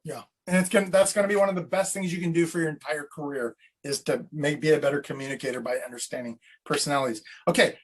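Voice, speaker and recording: A man's voice: on the high side, fairly even intonation, quick pace, hardly any pauses, breathy edge. A man coaching real estate agents on sales scripts in a casual teaching chat, acting out client lines as he goes.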